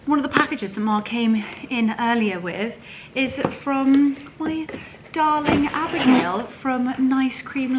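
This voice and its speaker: Woman, 30, lifestyle vlogger: gushing, breathy half-whispers, a bit high. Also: noisy background. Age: 30s. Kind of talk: casual vlog chat.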